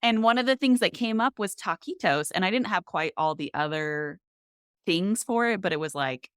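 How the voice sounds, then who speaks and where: A woman's voice: medium pitch, lively intonation, normal speed, fairly bright tone, clear, resonant tone, dry recording, clean studio sound. A woman hosting a podcast, telling stories in an upbeat, conversational way. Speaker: podcast host. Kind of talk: casual chat.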